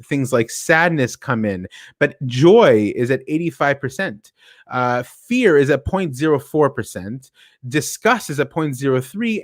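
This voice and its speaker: A man giving a technical talk in an animated, explaining manner, his pitch rising and falling freely as he steps through one example after another. He poses questions to the listeners and answers them himself. His voice sounds close and dry, with no room around it. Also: no echo. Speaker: speaker at a tech meetup.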